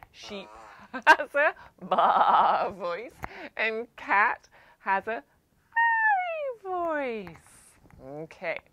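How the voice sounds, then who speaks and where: A woman leading a library storytime for young children, gently explaining things step by step. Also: medium pitch, a little hiss or hum.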